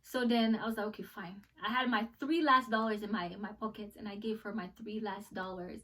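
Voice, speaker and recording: A young American woman telling a travel story in a casual vlog, animated and acting out the people she met. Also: medium pitch, a little fast, far from the mic. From United States. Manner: animated, acts out voices in the story. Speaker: travel vlogger.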